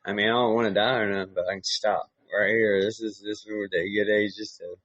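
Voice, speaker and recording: A man's voice: on the low side, steady tone, a little fast, a bit bright, no room sound. A middle-aged man with a Southern US accent, a podcast host in casual chat, laid-back and swearing a lot. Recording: dull, muffled dry recording.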